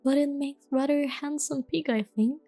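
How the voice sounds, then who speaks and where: A woman voicing a polite, curious and slightly timid young girl in a soft whispered role-play. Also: sits high, fairly even intonation, normal speed, no echo, faint music behind, voice pushed up.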